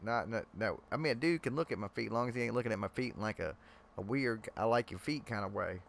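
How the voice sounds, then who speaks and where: Gravelly man rambling on a live chat. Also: on the low side, fast talker, a little hiss or hum. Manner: rambling, joking, loose slangy talk. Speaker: live stream host. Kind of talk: casual live chat talking to viewers.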